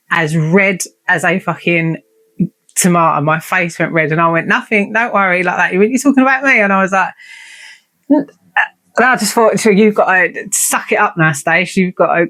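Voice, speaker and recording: A woman's voice: on the low side, a bit bright. A woman, hosting a podcast and telling a story in a blunt, sweary, chatty and self-mocking way. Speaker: podcast host. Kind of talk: casual storytelling monologue.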